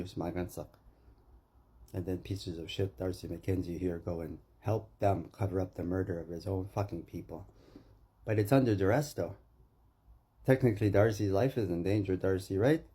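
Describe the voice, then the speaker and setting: A man's voice: low voice, normal speed, warm tone, breathy edge. A Canadian man delivering an agitated, profane rant to the camera, accusing someone and repeating his name.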